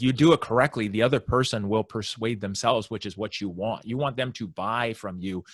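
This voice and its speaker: A man, a sales consultant, explaining his approach as a podcast guest and acting out his clients' worries in quick asides. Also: lowish voice, no room sound, studio quality. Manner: animated explainer, acts out prospects' inner voices. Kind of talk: conversational interview.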